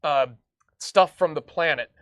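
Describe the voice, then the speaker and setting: A man's voice: on the high side, a little slow, a crowd in the background. A man co-hosting a podcast, rambling as he retells scenes in casual chat. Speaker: podcast co-host.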